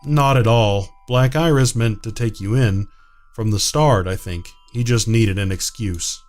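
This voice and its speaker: A man voicing a kind, soft-hearted young woman in a visual novel, speaking earnestly and gently. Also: lowish voice, a little slow, soft background music, close to an everyday voice.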